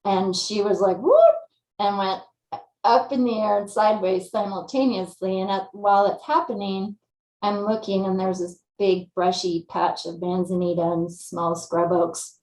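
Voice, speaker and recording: A woman from California, a guest telling her story in a lively, casual way and acting out her own thoughts. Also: mid-range voice, reverberant, rough recording. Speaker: interview guest.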